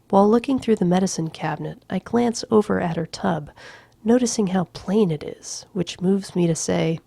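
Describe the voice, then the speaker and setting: A woman reads a novel aloud in a slow, hushed manner, slipping into whispers now and then. Her voice is low and gravelly. The sound is dry and close, with no room echo. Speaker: reader. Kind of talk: audiobook-style novel reading.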